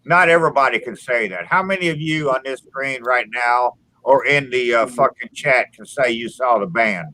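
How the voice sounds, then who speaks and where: A man's voice: medium pitch, pushed and bright, rough recording. A man hosting a casual group video chat, rambling and swearing with many restarts. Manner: profane, rambling, halting restarts.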